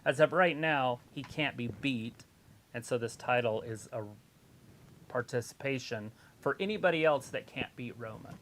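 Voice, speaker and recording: Woman with an extremely deep voice. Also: moderate pace, slight background noise. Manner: opinionated, explains wrestling matters flatly. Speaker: co-host of a wrestling watch-along stream. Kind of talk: casual live-stream chat with commentary.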